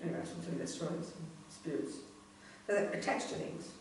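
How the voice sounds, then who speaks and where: A woman's voice: deep voice, fast talker, a little mellow, slight background noise. A woman, a Buddhist nun, giving a blunt, emphatic and earthy teaching talk in a centre's hall. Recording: echoey room, voice from a distance.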